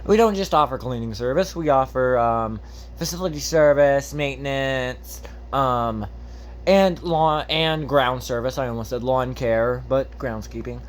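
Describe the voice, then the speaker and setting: A man's voice: mid-range voice, unhurried. A man hosting a casual unboxing video, rambling and joking as he goes off on tangents, with the odd swear word. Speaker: host.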